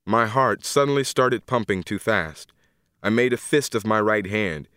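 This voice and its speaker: Low-voiced man narrating an audiobook. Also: unhurried, a bit bright, clean tone, dry recording, studio quality. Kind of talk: scripted first-person narration.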